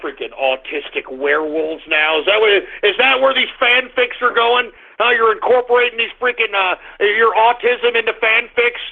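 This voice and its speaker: Exasperated high-voiced male radio host. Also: fairly even intonation, moderate pace, creaky, few pauses. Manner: exasperated, yelling at callers. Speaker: radio talk show host. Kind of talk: call-in radio show. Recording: tinny phone-like sound.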